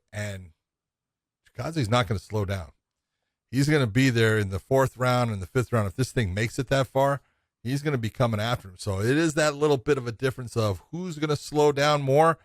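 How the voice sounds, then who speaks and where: A middle-aged man co-hosts a casual chat show, talking eagerly and circling back over his points. His voice sits at an everyday pitch. The room sounds dry and close. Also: no room sound. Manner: enthusiastic, repeats phrases, swears casually. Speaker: podcast co-host. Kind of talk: casual MMA podcast chat.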